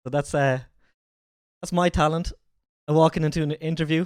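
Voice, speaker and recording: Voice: mid-range voice, steady tone, normal speed, clean tone, no room sound, clean studio sound. A streamer reacting to a video with casual, joking and profane mocking asides.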